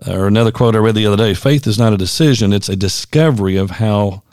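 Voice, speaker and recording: A man's voice: fairly low pitch, quick pace, darkish tone, no echo, clean studio sound. A man, a former pastor who co-hosts a podcast, chatting casually and reading quotes aloud. He talks in a reflective, thoughtful way and often restarts his sentences.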